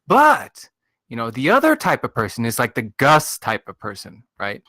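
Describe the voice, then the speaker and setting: A man's voice: medium pitch, huge pitch swings, normal speed, bright, forceful tone, dry recording. A man chatting casually on a group call, rambling through an explanation.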